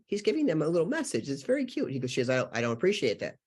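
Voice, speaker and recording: On a spiritual podcast, a male guest who works as a healer and channeler tells stories earnestly, rambling with lots of fillers. His voice is a little high and husky with a darkish tone, swinging hugely in pitch as he talks very fast.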